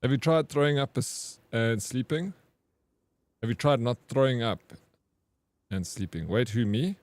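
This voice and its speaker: A man's voice: medium pitch, normal speed, a little mellow, no echo. Playful man streaming a game, dry sound. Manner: playful teasing banter, reads chat aloud. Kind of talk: casual live-stream chat with viewers.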